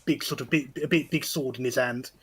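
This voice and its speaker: A man's voice: mid-range voice, fairly even intonation, a little fast, breathy edge. Hesitant game master, man. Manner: hesitant, lots of "sort of" and restarts. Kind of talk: narrating a tabletop game.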